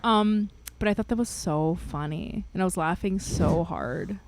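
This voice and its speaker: A young woman co-hosting a podcast, telling a story in an animated, laugh-filled way with lots of fillers. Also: fairly low pitch, unhurried, a little hiss or hum. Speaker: podcast co-host. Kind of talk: casual chat, storytelling.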